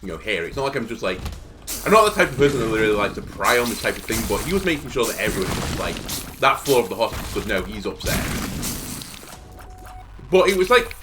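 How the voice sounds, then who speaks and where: A man's voice: lowish voice, sing-song, quick pace, music in the background. A young man telling a rambling story, full of fillers, while he comments on his game. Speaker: gaming video host. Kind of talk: casual commentary while playing.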